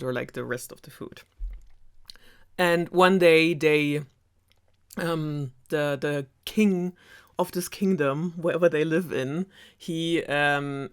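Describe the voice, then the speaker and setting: A young woman from Germany with a German accent, casually retelling a fairytale with lots of fillers and sarcasm. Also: low-pitched. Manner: rambling, filler-heavy, lots of "like" and "um". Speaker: storyteller.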